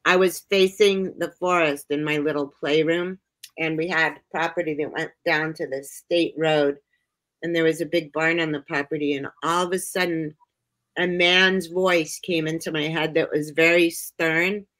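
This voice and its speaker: A woman from upstate New York telling personal stories as a guest in a casual chat, animated and acting out the voices she quotes. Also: low-pitched, normal speed, poor audio. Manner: animated, acts out quoted voices, laughs often.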